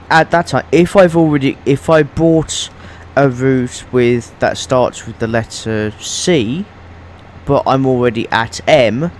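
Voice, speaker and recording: A man talking through a train game as he plays, in a middle-pitched voice. He stops and restarts his sentences and drifts into rambling asides. Faint train sounds from the game hum behind him. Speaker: gaming YouTuber. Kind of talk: casual gameplay commentary.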